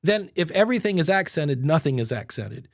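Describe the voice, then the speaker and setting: A man hosting a podcast in casual chat, animated and talking into a mic with headphones, sometimes acting out voices. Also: a little high, brisk, creaky, no echo, studio quality. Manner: animated, demonstrates voices with sudden loud bursts. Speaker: podcast host. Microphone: studio mic with headphones.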